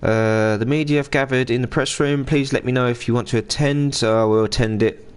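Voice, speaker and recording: A man in his thirties talks through a football management game on a live stream. He is casual and chatty, greets viewers by name, and reads the game's messages aloud in a mid-pitched voice. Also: fairly even intonation, a little fast, smooth. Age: 30s. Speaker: gaming livestreamer.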